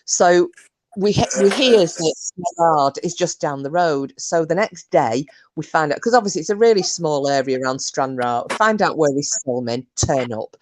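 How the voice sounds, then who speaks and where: A woman co-hosting a casual chat, telling a story with animated delivery and plenty of swearing. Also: deep voice, a little hiss or hum. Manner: animated, swearing, shrieking when acting out herself. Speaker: co-host.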